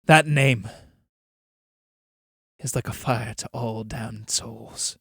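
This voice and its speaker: A man's voice: mid-range voice, fairly even intonation, slow, creaky, fairly bright tone, slightly rough, dry recording, clean studio sound, pitched below the performer's own voice, heavily acted. A man reading a cold, coaxing soul-merchant. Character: scheming soul-buying male merchant, cold and persuasive.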